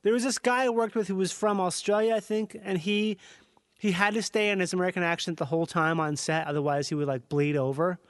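A man hosting a casual comedic chat, teasing his guest with quick asides. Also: high voice, steady tone, no room sound, clean studio sound.

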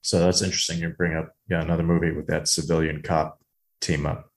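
A rumbling low male voice moves a little fast as its owner co-hosts a casual movie podcast. He's an animated, enthusiastic storyteller.

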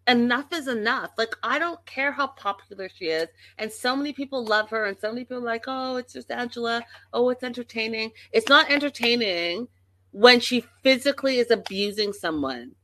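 A woman's voice: on the high side, expressive, fairly quick, a bit bright, no echo. A woman recapping a reality show in a casual, indignant vlog, emphatic and swearing freely. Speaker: reality TV commentator.

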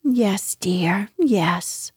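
A woman's voice: on the high side, lively intonation, slow pace, mellow, breathy edge, dry recording, clean studio sound, exaggerated voice. A woman voicing a motherly female kangaroo in a storybook reading, soothing but firm.

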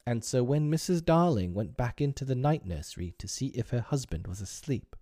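A man narrating a storybook in an expressive, wry way. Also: medium pitch, brisk, no room sound, clean studio sound.

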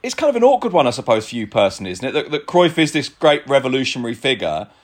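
A male interviewer with a lively, swinging pitch asks his guest questions in a relaxed, conversational manner. He draws the guest out with easy prompts and quick reactions. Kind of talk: casual interview.

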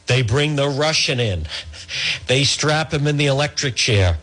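A male talk radio host who rambles through a monologue and a joke, halting often with fillers and restarts, into a handheld microphone. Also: mid-range voice, expressive, a bit bright. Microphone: handheld microphone, also streamed on social video.

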